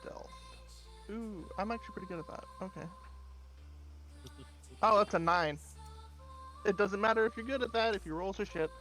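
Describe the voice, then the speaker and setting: Tabletop player, man, high voice, casual rambling, light music behind. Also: normal speed, pauses often, pushed and bright, poor audio. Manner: chatty, hesitant, lots of fillers.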